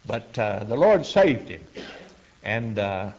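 Folksy preacher on a muffled recording. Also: male voice, on the low side, big pitch swings, darkish tone. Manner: folksy, halting, with frequent "uh" fillers. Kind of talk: sermon storytelling. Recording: dull lo-fi sermon recording.

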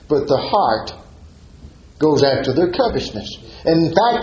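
A man's voice: fairly high pitch, very animated, measured pace, darkish tone. A man preaching a sermon, reading old-style scripture and building to emphatic points. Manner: reads scripture in King James wording, then preaches with rising emphasis. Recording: roomy, slightly dull recording with faint noise.

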